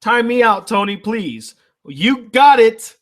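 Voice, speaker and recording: A man's voice: extremely high pitch, sing-song, takes it slowly. A man hosting a casual livestream, reading viewer messages aloud and answering them in a loose, profane way. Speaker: anime reviewer reading live chat.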